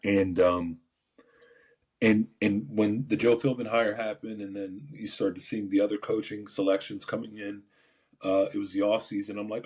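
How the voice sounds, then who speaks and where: A man, a former football player, telling stories as a podcast guest in a relaxed, rambling way. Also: fairly low pitch, normal speed, slightly rough. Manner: relaxed, rambling, many fillers and restarts. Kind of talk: casual storytelling.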